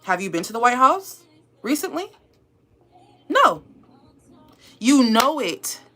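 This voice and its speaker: A woman's voice: on the high side, big pitch swings, slow pace, fairly bright tone, faint music behind. A woman YouTuber giving an emphatic, repetitive motivational pep talk to her viewers, calling them y'all and babe.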